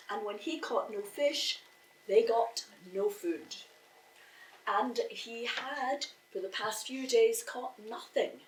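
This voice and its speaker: A woman telling a folk tale to a live audience, slow and expressive, voicing the characters as she goes. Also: on the high side, a little hiss or hum. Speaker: storyteller. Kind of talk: live oral storytelling. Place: live storytelling event. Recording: echoey room, voice from far off.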